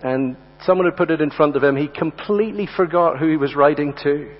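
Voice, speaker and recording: A man's voice: fairly high pitch, a little fast. Earnest preacher man in a reverberant hall. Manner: earnest, repeats words when stressing a point. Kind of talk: sermon. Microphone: lectern mic. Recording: dull audio with long hall reverb.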